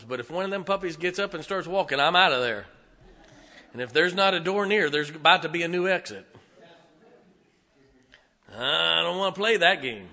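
A middle-aged man preaching a sermon as pastor, swinging between loud, emphatic lines and quiet, hushed ones. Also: a little high.

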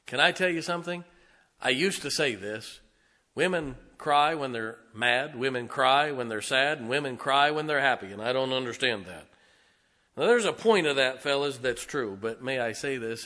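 Bright-voiced folksy preacher man. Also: mid-range voice, moderate pace. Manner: folksy storytelling preacher, swings from loud to hushed. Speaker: pastor. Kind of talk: sermon.

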